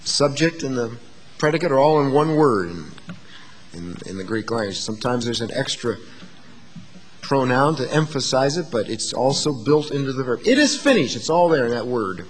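A man preaching a sermon to his congregation, moving between hushed asides and emphatic, rising declarations. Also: mid-range voice, lively intonation, normal speed, long reverb tail. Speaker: pastor.

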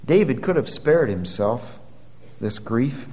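A male preacher delivers a sermon, his voice ringing with a long hall reverb. He moves from hushed, low passages to loud, high-pitched peaks when quoting scripture. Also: expressive, slow pace.

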